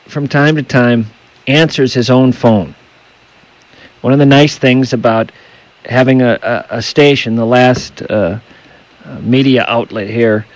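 A man hosting a late-night call-in radio show, talking in a rambling, halting, self-deprecating way. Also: medium pitch, rough recording. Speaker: radio talk show host.

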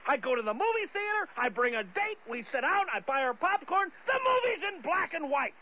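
A man's voice: very high voice, sing-song, a little fast, pushed and bright, voice pushed up, exaggerated voice, poor audio. A man voicing an unhinged, boastful male movie star who rambles, stammers and keeps restarting his sentences. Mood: indignant. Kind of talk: comedy sketch impression.

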